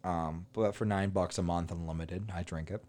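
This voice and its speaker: Comedian co-host, low-pitched man, rambling profane anecdotes full of quoted dialogue. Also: steady tone, moderate pace, darkish tone. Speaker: stand-up comedian, podcast co-host. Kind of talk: casual podcast storytelling.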